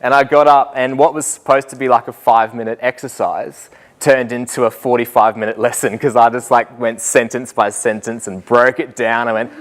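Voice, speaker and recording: A young Australian man tells a live group stories in a loose, chatty way. He pokes fun at himself and breaks into laughter often. His pitch sits in the middle range for a man. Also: steady tone, normal speed. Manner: chatty and self-mocking, laughs through his own stories. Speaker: student teacher giving a talk. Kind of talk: storytelling talk to a live group.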